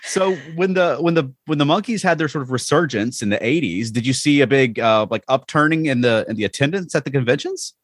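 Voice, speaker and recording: A man hosting a casual podcast, his pitch swinging widely as he laughs along and asks loose, restarting questions. The sound is dry and close, with no room to it. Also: animated, brisk, few pauses, dry recording. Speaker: podcast host. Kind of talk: casual interview.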